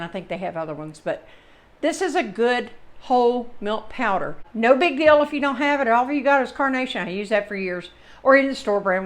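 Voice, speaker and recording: Chatty Southern woman, slightly high voice. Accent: Southern American. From Southern United States. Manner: chatty, rambling, folksy asides. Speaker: home cooking channel host. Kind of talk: casual cooking demonstration.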